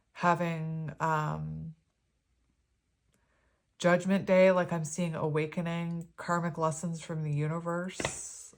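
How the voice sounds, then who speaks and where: A woman reading tarot cards for viewers, chatty and gushing, with many pauses and restarts. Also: low voice, a little hiss or hum. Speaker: tarot reader. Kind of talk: pick-a-card tarot reading.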